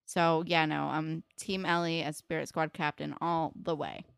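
A young woman co-hosting a casual chat, giving relaxed, opinionated takes with frequent "um" and "you know". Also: low voice, unhurried, gravelly, clear, resonant tone, no echo, studio quality. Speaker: podcast co-host. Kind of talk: casual chat recapping a TV episode.

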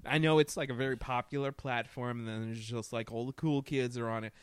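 Animated, swearing man on a podcast. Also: medium pitch, brisk, smooth, no echo. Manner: animated, profane storytelling. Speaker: podcast co-host. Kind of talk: casual podcast chat.

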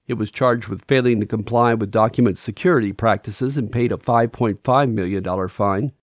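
A man's voice: lowish voice, a little fast, no room sound. A man narrating a podcast from a script, with dry, sardonic asides.

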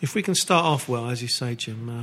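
A man's voice: mid-range voice, animated, fairly quick, a bit bright. A man co-hosting a football fan podcast, dropping dry, short quips. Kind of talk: casual chat.

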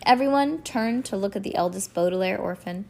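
A woman's voice: mid-range voice, a little fast, creaky, warm tone. A woman reading a novel aloud, in a plain manner with frequent stumbles and restarts. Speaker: reader.

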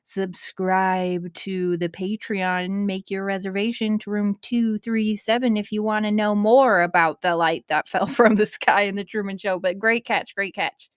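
A woman's voice: medium pitch, level tone, a little slow, few pauses, clean tone, dry recording, studio quality. Chatty woman podcast host in her twenties. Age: 20s. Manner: chatty, emotional, swears casually. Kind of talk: casual podcast intro.

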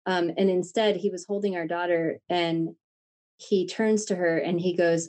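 A woman coach talking candidly in a casual podcast conversation, animated and swearing freely. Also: on the low side, moderate pace. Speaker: guest, creative coach.

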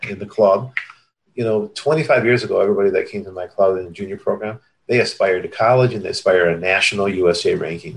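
A man, a tennis coach telling animated stories in a podcast interview and acting out the people he quotes. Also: on the low side, rough recording.

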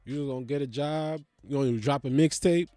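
Profane, animated man in a comedy rant. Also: medium pitch, a little fast, dry recording, faint music behind.

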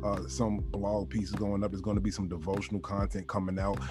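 A man's voice: fairly low pitch, level tone, brisk. A man hosting a podcast, making an encouraging, upbeat announcement to listeners. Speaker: podcast host. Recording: music bed behind the voice.

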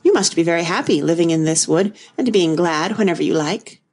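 A woman voicing a flustered, scatterbrained old queen who frets and wrings her hands, her voice rising toward a squeak. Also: a little fast, a little mellow. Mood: fretful. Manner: fussy, fretful, rising to a squeak.

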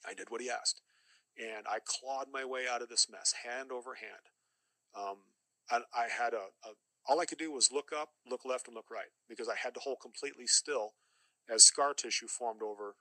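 Middle-aged man, podcast guest, earnest testimony, very sharp tense tone, dry close sound. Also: medium pitch, moderate pace, no room sound, poor audio. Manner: earnest, emphatic, repeating phrases for weight. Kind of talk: personal testimony.

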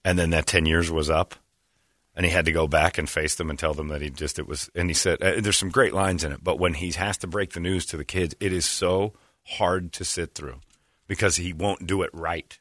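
A man hosting a talk show, telling stories in casual, animated chat. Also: low-pitched, normal speed, no echo, studio quality. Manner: animated, self-amused storyteller who slips into quoted voices. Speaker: radio show host.

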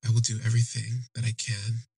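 A man's voice: medium pitch, monotone, a little fast, vocal fry, mellow, husky, dry recording. A man quoting a desperate pleading man. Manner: urgent, pleading.

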